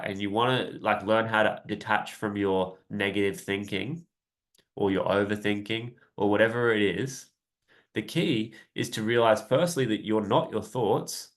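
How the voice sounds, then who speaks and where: Laid-back low-voiced man coaching. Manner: relaxed, rambling, often adds "right?"; laughs lightly now and then. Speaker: self-help coach. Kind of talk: casual live-stream talk.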